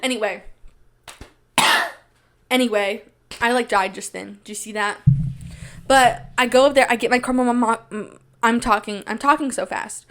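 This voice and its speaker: Slightly high, self-mocking young woman. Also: steady tone, normal speed, pauses often, fairly bright tone. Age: young adult. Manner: self-deprecating, rambling, with big jumps in pitch when quoting. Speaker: podcast host. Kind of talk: casual storytelling monologue.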